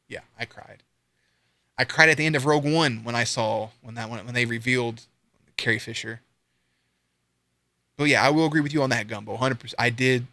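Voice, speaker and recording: A young man streaming live, ranting casually with lots of swearing and sudden high-pitched outbursts. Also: no echo. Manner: profane, animated, swings into high-pitched outbursts.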